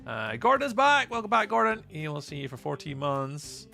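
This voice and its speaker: A Scottish man hosts a live game stream with a bright, edgy voice and a good deal of vocal fry. He chats easily with his viewers, greeting them by name and reading their messages aloud, while his pitch swings freely up and down. Faint music plays behind him. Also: sing-song, normal speed. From Scotland. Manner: chatty, greets and thanks chat by name, reads messages aloud.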